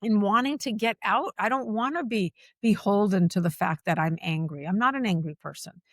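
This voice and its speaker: Animated, emphatic woman on a dry podcast mic. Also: mid-range voice, normal speed, no room sound. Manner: animated, emphatic, repeats phrases for stress. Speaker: guest, workplace culture executive. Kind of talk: conversational podcast interview.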